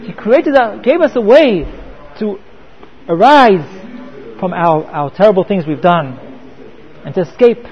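High-voiced man teaching a Torah class. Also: lively intonation, a little slow, pauses often, lo-fi sound, soft background music. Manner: repeats words, mixes in Hebrew terms.

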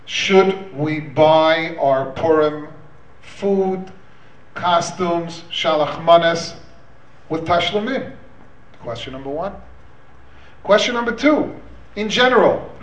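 At an evening community event, a man who hosts and organizes it talks chattily but hesitantly, slipping Hebrew words into his English and cracking a joke. His high-sitting voice comes from a handheld mic far from the recorder, sounding distant in the echoey hall.

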